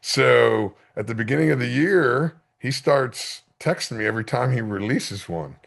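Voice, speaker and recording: Male podcast host, gravelly, animated, stammering storyteller. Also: medium pitch, moderate pace. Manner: animated storyteller, swears casually, stammering restarts. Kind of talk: casual interview chat. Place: podcast studio.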